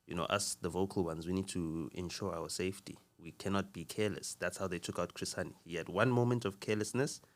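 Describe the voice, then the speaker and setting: Male podcast guest, very deep and monotone, measured and earnest. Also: a little hiss or hum. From South Africa. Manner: earnest, measured, with frequent fillers and restarts. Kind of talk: casual conversational talk.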